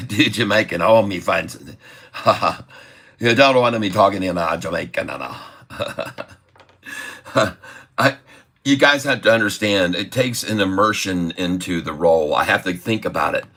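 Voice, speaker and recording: A man hosting a live trading stream who rambles excitedly and laughs often. His voice sits a little low but sounds bright and forceful. He talks in an offhand way to his viewers. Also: unhurried, long pauses. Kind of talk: live stream chart commentary.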